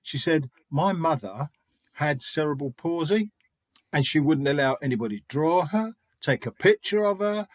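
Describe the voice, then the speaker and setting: A man's voice: on the high side, lively intonation, normal speed, no room sound. A middle-aged man and spiritualist medium telling stories in an interview, chatty, restarting often and acting out quoted dialogue. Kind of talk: anecdotal interview storytelling.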